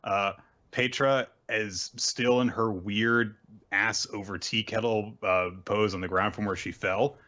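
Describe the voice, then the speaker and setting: A man's voice: fairly low pitch, fairly even intonation, unhurried, bright, forceful tone, lo-fi sound. Wry, offhand man recapping manga. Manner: offhand, profane, wry, lots of fillers. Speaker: host of a manga recap show. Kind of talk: casual recap commentary.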